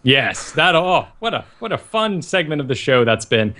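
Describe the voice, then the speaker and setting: A man's voice: fairly high pitch, big pitch swings, moderate pace, sharp tone. A man co-hosting a casual live podcast, talking with jokey enthusiasm. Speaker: podcast co-host.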